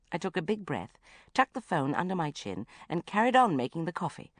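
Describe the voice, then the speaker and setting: A woman narrating a comic diary-style audiobook, swinging between breathless exasperation and flat asides. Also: lowish voice, fairly quick, no echo.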